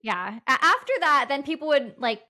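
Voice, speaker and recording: A woman's voice: high-pitched, expressive, normal speed, pushed and bright. A woman, a paranormal investigator guest on a podcast, sharing her experiences in an earnest, matter-of-fact way with frequent restarts. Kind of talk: casual podcast conversation.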